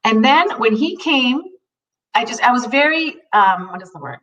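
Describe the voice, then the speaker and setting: A woman's voice: a little high, animated, moderate pace, fairly bright tone, lo-fi sound, faint music behind. Earnest middle-aged woman telling a story. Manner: earnest, heartfelt, many restarts. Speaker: co-host. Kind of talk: personal storytelling in a talk show. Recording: voice a bit distant from the mic.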